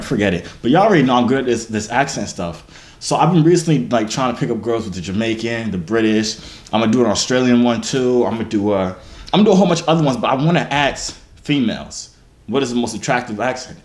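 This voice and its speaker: A man's voice: medium pitch, reverberant. Boastful, joking young man. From New Jersey. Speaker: YouTuber. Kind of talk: casual vlog and video-chat banter. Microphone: phone.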